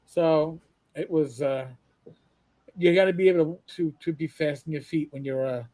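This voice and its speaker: High-voiced man telling animated stories. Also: normal speed. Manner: animated storyteller acting out his own quotes. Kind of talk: casual chat, telling anecdotes.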